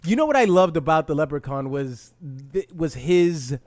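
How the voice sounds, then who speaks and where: A man's voice: on the high side, animated, moderate pace, darkish tone, dry recording. A young man co-hosting a podcast, dry and teasing in casual banter. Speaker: podcast co-host.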